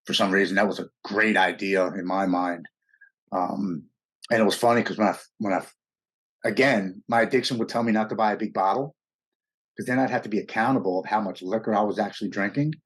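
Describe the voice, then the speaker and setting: Interview guest: husky, lowish man in his forties from the US, earnest and halting as he recounts his past. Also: fairly even intonation, a bit bright. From United States. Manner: earnest, halting storytelling with restarts. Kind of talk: personal recovery story.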